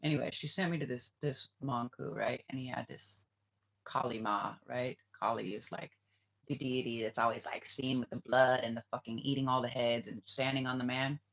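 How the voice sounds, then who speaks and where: A man hosting a casual livestream, rambling and swearing, dropping to a hush and then flaring up heatedly. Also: medium pitch, fairly even intonation, normal speed, gravelly. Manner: rambling, profane, swings from hushed to heated. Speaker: spiritual reader and livestream host. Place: Bali, Indonesia. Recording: dull lo-fi livestream audio.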